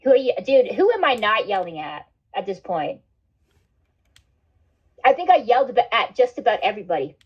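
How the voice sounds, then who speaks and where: A woman's voice: mid-range voice, very animated, normal speed, long pauses, breathy edge. A woman hosting a casual livestream, rambling and swearing, with "like" and "dude" in most sentences. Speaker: livestream host. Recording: dull lo-fi stream audio.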